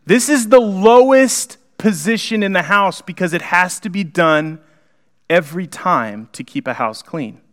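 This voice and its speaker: Male pastor, slightly high voice, animated, conversational sermon, acts out characters. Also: a little slow. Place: church sanctuary.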